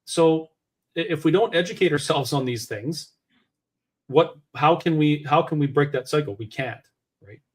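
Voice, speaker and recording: A man's voice: a little high, normal speed, husky. A Canadian man as a guest, speaking earnestly and with conviction, often restarting his sentences. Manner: earnest, opinionated, with hesitant restarts. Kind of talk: casual conversational commentary.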